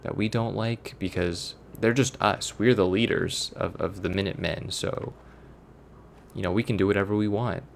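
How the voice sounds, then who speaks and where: Man, from Florida, let's play commentary, sarcastic, rambling, low gravelly voice. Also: fairly even intonation, moderate pace, a little hiss or hum. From Florida, USA. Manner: rambling, sarcastic, digressive storytelling. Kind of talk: casual gameplay commentary.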